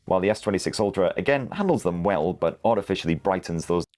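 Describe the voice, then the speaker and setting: British male reviewer, very low voice, brisk scripted read. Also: animated, darkish tone. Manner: brisk, slangy, reads specs crisply. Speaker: tech video presenter. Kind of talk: scripted tech review narration.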